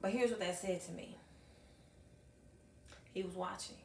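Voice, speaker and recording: A middle-aged woman, a high school math teacher, telling stories to an audience with emphatic repetition and acted-out dialogue. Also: steady tone, a little slow, gravelly, a little mellow, a little hiss or hum. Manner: emphatic, acts out dialogue, repeats phrases for effect. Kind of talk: storytelling talk to an audience. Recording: echoey room, mic at a distance.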